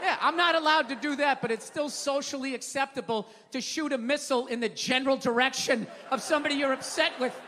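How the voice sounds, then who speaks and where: A man doing a stand-up comedy set on stage, sardonic and profane, building into loud exasperated rants. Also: very high voice, a little fast, hardly any pauses. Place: large live venue with audience. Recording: reverberant hall with crowd and noise.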